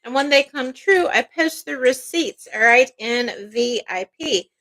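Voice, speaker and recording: A woman's voice: high-pitched, lively intonation, a little slow, fairly bright tone, low-quality recording. A woman giving a casual tarot reading as a psychic, chatty and peppered with "all right" and "okay".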